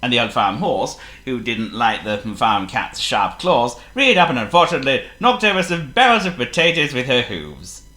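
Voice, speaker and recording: A man reading a children's story aloud in an expressive, playful way. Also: mid-range voice, normal speed, hardly any pauses, roomy sound. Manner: expressive and playful, laughs as he reads.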